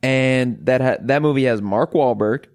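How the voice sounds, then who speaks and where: A man co-hosting a podcast in a relaxed, teasing way with lots of "um". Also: medium pitch, normal speed, no echo, clean studio sound. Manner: teasing, laid-back. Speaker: podcast co-host. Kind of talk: casual podcast chat.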